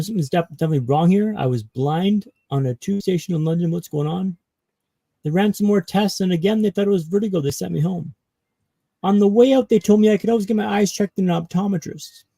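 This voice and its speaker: A man from Canada, a podcast guest, telling his own story with dramatic pauses. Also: high voice, creaky, warm tone, dry recording, poor audio. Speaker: guest speaker.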